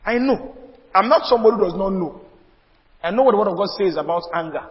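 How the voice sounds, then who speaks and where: A man's voice: high-pitched, expressive, fast. A man preaching a sermon as pastor, repeating phrases and building emphasis. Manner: preaching with rising emphasis and repetition. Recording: dull audio in a reverberant hall.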